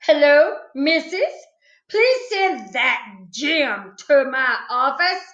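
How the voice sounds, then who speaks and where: A woman's voice: high voice, animated, takes it slowly, heavily acted. A woman doing Junie B. Jones, a bossy little girl. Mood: bossy pretend. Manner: loud, whiny and indignant. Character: bossy, excitable kindergarten girl. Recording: echoey room, slightly dull sound.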